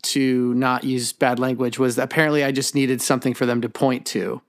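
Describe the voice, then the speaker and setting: A man in his thirties co-hosting a podcast, telling family stories in an animated way and laughing often. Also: medium pitch, normal speed. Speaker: podcast co-host. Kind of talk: casual chat.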